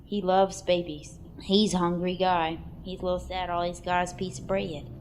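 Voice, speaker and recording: Narrating a cartoon play-by-play, a woman with a lowish voice and normal pace keeps it casual, crude and comic, shifting between offhand remarks and excited exclamations. There's slight background noise.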